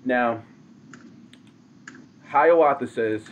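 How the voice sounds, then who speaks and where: Slangy, animated man telling a story. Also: medium pitch, normal speed, muffled recording, slight background noise. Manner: animated, slangy, addresses listeners directly. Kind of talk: casual oral storytelling.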